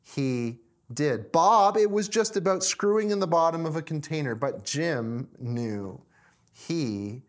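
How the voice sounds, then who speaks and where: A man preaching, telling a story with lots of repetition. He slows down for dramatic pauses, then speeds up again. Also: on the high side, expressive. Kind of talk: sermon storytelling.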